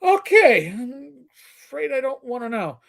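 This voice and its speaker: A man's voice: very high-pitched, big pitch swings, unhurried, vocal fry, fairly bright tone. A middle-aged man telling stories in casual chat, crude and joking, sometimes slipping into put-on voices. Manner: storyteller who slips into put-on voices, crude jokes. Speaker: co-host.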